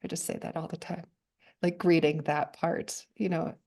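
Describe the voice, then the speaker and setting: A woman speaking as a guest poet in a reflective conversation, halting and thoughtful, with soft laughs between her words. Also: fairly low pitch, flat delivery, creaky.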